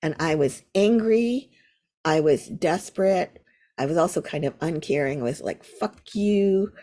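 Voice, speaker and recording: A woman's voice: deep voice, lively intonation, moderate pace, dark tone. An older American woman, a Zen teacher, telling a vivid story as an interview guest. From United States.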